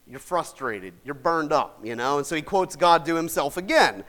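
A man preaching a sermon in a folksy, chatty way, laughing often and swinging from shouts to soft asides. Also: a little high, expressive, normal speed. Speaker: pastor.

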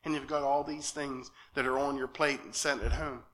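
Male lay preacher, nervous and earnest, bright tense tone, halting delivery with frequent check-ins. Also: medium pitch, fairly even intonation. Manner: earnest and halting, often asks "okay?". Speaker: lay speaker at church. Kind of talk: sermon. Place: church sanctuary.

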